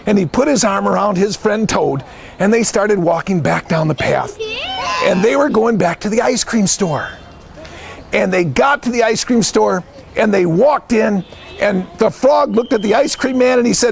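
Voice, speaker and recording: A man, head of a school, telling a story to children with lively shouts and questions to his listeners. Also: high-pitched, normal speed, creaky, breathy edge.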